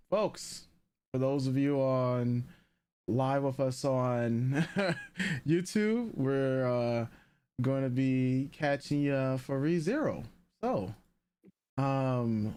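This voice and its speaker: A man's voice: mid-range voice, slow pace, warm tone, clean tone. A man co-hosting a live anime commentary stream, rambling casually with lots of fillers and restarts.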